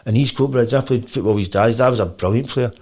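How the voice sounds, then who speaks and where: A Scottish man talks as a guest on a podcast. His delivery is rapid and rambling, full of restarts. His pitch sits in an average range for a man. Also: slightly rough. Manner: animated storytelling. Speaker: guest musician. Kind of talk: casual podcast chat.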